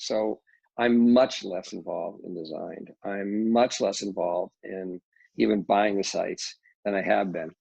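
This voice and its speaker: A man's voice: lowish voice, creaky, a little mellow, slightly rough, dry recording. A middle-aged man, a real estate developer, talking casually in an interview with many restarts and fillers. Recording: dull lo-fi dry audio.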